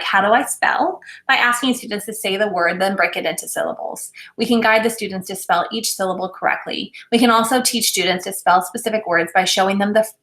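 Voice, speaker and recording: A woman presenting a recorded teacher training lesson, speaking in a clear, deliberate, instructional way. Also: mid-range voice, a bit bright, reverberant. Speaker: literacy presenter.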